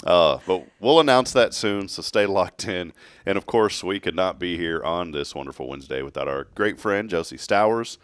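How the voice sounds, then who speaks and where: A man's voice: sits low, moderate pace, clean tone, no echo. A man hosting a local morning talk show, rambling casually and joking with his co-host. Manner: rambling, jokey, playful.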